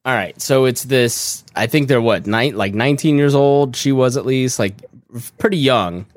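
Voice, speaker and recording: A man's voice: mid-range voice, normal speed, no room sound. Rambling, playful man podcast co-host. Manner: rambling, self-interrupting, playful. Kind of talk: casual podcast chat.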